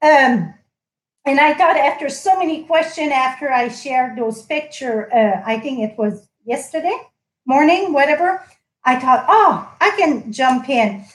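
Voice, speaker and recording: A high-pitched woman chats on a live craft stream, gushing over her work in loose, friendly phrasing. Her voice rings off the walls of an echoey room at home. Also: measured pace. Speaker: stamping craft host.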